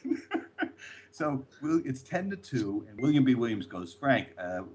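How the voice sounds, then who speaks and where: A man's voice: mid-range voice, very animated, unhurried, mellow, slight background noise. An older man from the New York area, a former record label executive, rambling through anecdotes as a podcast guest and repeating his words. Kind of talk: storytelling in a podcast interview.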